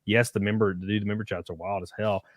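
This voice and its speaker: A man's voice: lowish voice, level tone, fast talker, dry recording, studio quality. A young man hosting a casual livestream, rambling with lots of fillers and restarts, swearing freely as he reads chat. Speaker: streamer host reading chat.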